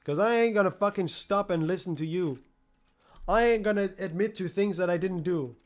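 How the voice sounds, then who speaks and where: A man's voice: high voice, normal speed. A young man livestreaming, ranting in a profane, exasperated way and mocking the people who harass him. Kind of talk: angry rant on a livestream.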